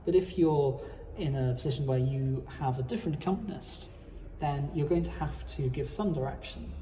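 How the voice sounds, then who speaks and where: Measured man teaching in an echoing space. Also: on the high side, mellow, slight background noise. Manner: measured, explanatory, formal phrasing. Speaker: cantor and psalm teacher. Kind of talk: instructional talk. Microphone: playing his own accompaniment.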